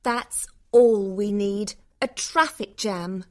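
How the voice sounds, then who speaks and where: A man's voice: high-pitched, slow, voice pushed up. A man voicing a sarcastic, bitter young woman in an audiobook story for learners. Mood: annoyed. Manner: sarcastic, cutting.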